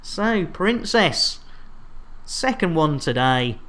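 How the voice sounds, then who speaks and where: Live-streamer, jolly showman banter, lively pitch, home desk mic. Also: takes it slowly. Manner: jolly, chatty, music-hall showman patter. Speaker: game streamer. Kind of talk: casual live-stream chat.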